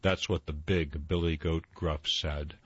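An older man reading children's stories aloud in a slow, expressive storytelling manner. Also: rumbling low, slightly rough, no room sound. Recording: slightly dull dry recording.

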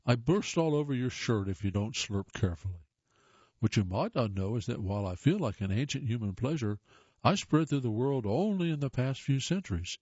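A talking tomato tells its own story, voiced by a man reading aloud. The tone is mellow and relaxed. The sound is dry and slightly muffled. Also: mid-range voice, no echo, natural voice. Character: talking tomato narrating its history. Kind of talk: read-aloud first-person piece.

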